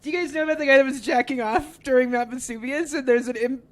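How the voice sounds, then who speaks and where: A woman comedian guest in a casual podcast chat, trading crude, quick jokes. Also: high-pitched. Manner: joking, crude, quick banter.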